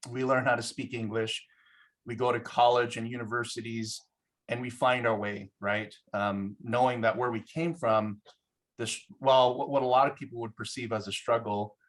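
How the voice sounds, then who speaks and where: A man's voice: mid-range voice, little pitch movement, moderate pace. Brief: man, casual course presenter, chuckling, filler-heavy storytelling. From Samoa.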